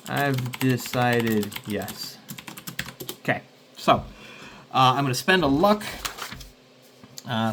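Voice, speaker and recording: Male solo tabletop player who thinks aloud and rambles, mid-pitched voice, faint background hum. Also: a bit bright. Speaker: solo game player and host. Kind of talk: casual solo tabletop play-through.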